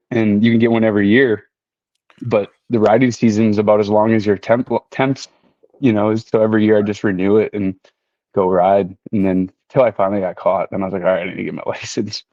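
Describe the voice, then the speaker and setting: A man's voice: on the low side, a little fast, dry recording, highs cut off. A man who races motorcycles, a guest talking casually and easily with many fillers. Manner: relaxed, many fillers like "you know". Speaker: podcast guest, motorcycle racer. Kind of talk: casual conversation.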